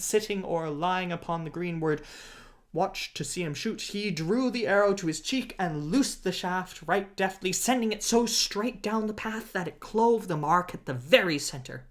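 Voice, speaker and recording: Man reading an old adventure tale. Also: high voice. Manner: steady, measured, old-fashioned prose. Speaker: audiobook reader. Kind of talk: storybook narration.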